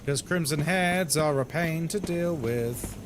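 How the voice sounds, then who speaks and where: Slow and slightly high-voiced, a man chats loosely while live-streaming a horror game, pausing his gameplay remarks to greet chat viewers by name. Background noise can be heard clearly.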